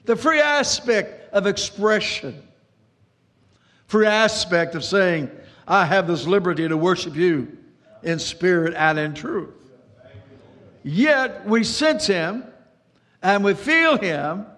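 A man delivers a sermon in a high, fervent voice, repeating himself and rushing then slowing. A long reverb trails every phrase in the hall. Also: lively intonation, fairly bright tone. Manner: dramatic preaching with repetitions and sudden pace changes. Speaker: pastor.

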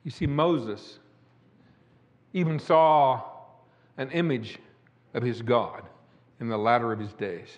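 A man's voice: mid-range voice, slow, pauses often, dull audio. An older man preaching a sermon, telling a personal testimony in a folksy, emphatic way. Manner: folksy, rising to emphatic declamation. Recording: echoey hall.

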